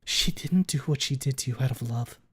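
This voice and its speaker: A man voicing a persistent stegosaurus woman, slow and tense. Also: medium pitch, slightly rough, natural voice. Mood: pressing. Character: persistent confident female stegosaurus.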